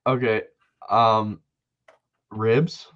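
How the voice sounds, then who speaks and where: A man's voice: lowish voice, flat delivery, extremely slow, dull audio. A young man co-hosting a podcast, chatting casually with laid-back, rambling asides. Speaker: podcast co-host. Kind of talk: casual chat.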